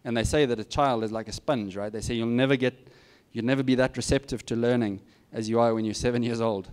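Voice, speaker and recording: A man's voice: medium pitch, fairly even intonation, fast talker, darkish tone, clean tone. A middle-aged man giving students candid, plain-spoken career advice with self-deprecating asides. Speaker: guest speaker. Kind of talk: informal advice talk to students.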